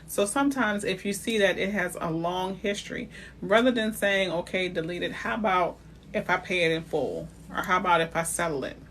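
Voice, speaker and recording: A woman's voice: fairly low pitch, normal speed, fairly bright tone, slight background noise. A woman realtor talking live to viewers about credit in a chatty, direct way, greeting them by name as she goes. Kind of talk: live-stream talk on building credit.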